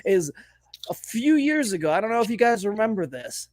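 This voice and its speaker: A man's voice: sits high, big pitch swings, normal speed, darkish tone, no room sound. A man co-hosting a sports podcast, talking casually and animatedly, swearing and mocking people with put-on quotes. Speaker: podcast co-host.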